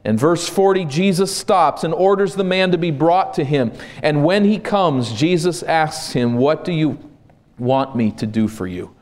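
Slow, deliberate male preacher. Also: a little high, expressive. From Minnesota. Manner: slow, deliberate preaching that rises to loud emphasis. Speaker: pastor. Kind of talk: sermon.

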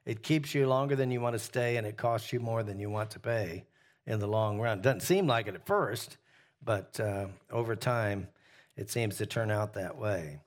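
A man leading a Bible study, teaching in a relaxed conversational way, often pausing with "uh" and putting questions to his listeners. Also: fairly low pitch. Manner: asks the group questions, frequent "uh" fillers.

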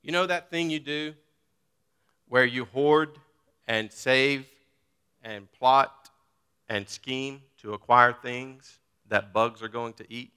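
A man preaching a sermon as pastor, first reading scripture, then talking casually with filler words and building to emphatic, forceful points. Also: mid-range voice, smooth, in a large hall. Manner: reads scripture, then talks informally and grows emphatic.

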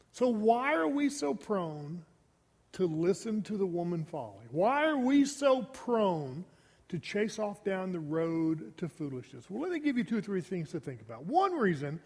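A male pastor with a notably high voice delivers an emphatic sermon. He keeps repeating key phrases and throwing rhetorical questions at the congregation. His words ring out with a long reverb tail in a large church hall. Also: big pitch swings, moderate pace, darkish tone.

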